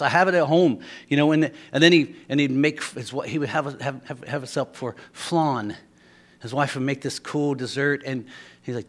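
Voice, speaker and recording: A man's voice: a little high, fairly bright tone. A man preaching a sermon as a storyteller, often repeating words as he restarts a thought.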